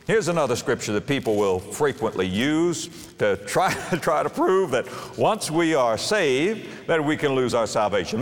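A man in his fifties delivers a sermon, his pitch rising and falling with lively animation as he tells a folksy parable. His voice rings out with a long reverb, as in a large church hall. He slips in and out of character voices while teaching. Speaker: preacher. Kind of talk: sermon with acted-out story.

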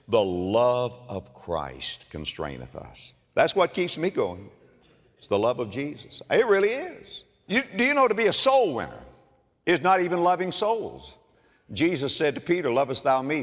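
A man preaching a sermon in a slightly high, very animated voice that swings from quiet asides to loud, ringing exclamations. He tells a story as he preaches. His words echo through a large hall with a long reverb.

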